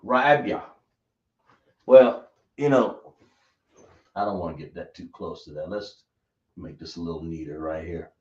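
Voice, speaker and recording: Slow-speaking male teacher, echoey room. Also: low-pitched, darkish tone. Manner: talks slowly, checks understanding with questions. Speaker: language teacher. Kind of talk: classroom lesson. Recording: echoey room, dull lo-fi sound.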